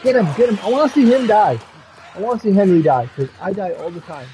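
A man streaming a video game, swearing, yelling and pleading at the screen in frustration. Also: high-pitched, quick pace, slight background noise. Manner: profane, yells and pleads at the game. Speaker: gamer streamer. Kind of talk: live gameplay commentary.

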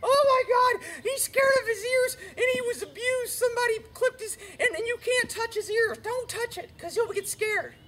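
A man mocking a fretful, overprotective horse owner in a high, squealing, worried voice. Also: moderate pace, few pauses, bright, forceful tone. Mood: panicky. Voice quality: high, squealing mock-worry.

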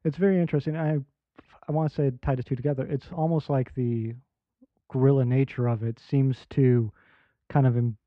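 A man's voice: medium pitch, steady tone, brisk, dry recording. A man hosting a podcast, chatting casually in loose, filler-heavy talk. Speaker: podcast host. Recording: tinny phone-like line, dry.

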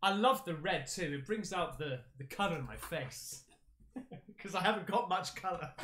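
A man hosting an excited unboxing chat, excitable, with loud exclamations, calling everyone mate. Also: high-pitched, moderate pace. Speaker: paranormal YouTuber.

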